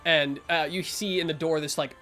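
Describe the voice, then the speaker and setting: A man's voice: a little high, fairly even intonation, normal speed, sharp tone, soft background music. A man narrating as game master of a tabletop game, improvising with lots of fillers and restarts.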